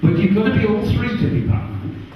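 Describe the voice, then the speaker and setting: Animated English stand-up in a pub. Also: male voice, fairly quick, background noise. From England. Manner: animated, jumps into high voices for characters. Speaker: stand-up comedian. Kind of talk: stand-up comedy set. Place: pub stage. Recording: distant, roomy and muffled pub recording.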